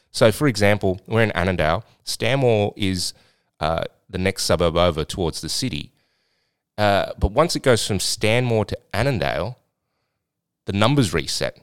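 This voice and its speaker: With a deep, smooth voice, an Australian man who hosts a podcast and runs a swingers club rambles bluntly through a story, swearing here and there. It's casual storytelling talk, recorded at studio quality with no echo.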